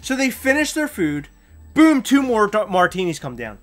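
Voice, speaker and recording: A man hosting a podcast, telling a story in a casual, animated way with sudden loud outbursts. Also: high-pitched, moderate pace, soft background music. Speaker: podcast host.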